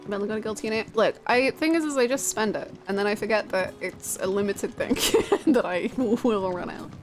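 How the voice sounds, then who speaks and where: A woman's voice: mid-range voice, normal speed, faint music behind. A woman live-streaming a game, chatting casually and giggling while she reads out her chat.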